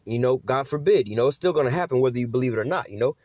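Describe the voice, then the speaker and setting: A man's voice: medium pitch, lively intonation, very fast, darkish tone, no echo. A man giving an informal, profane preaching monologue who keeps checking in with his listeners. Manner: profane, conversational, keeps asking "you know?". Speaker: religious teacher.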